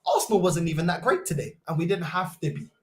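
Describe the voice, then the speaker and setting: A man's voice: on the high side, expressive. Young man ranting in a roomy echo. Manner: loud mocking banter, rapid rhetorical questions, Portuguese curses mixed in. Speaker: host. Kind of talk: football fan reaction livestream.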